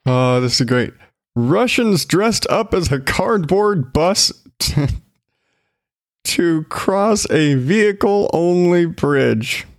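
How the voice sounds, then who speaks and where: A man's voice: a little high, expressive, takes it slowly, no echo, clean studio sound. Sarcastic man riffing on odd news. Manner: sarcastic, swearing, laughing often. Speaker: solo show host. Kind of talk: casual news commentary.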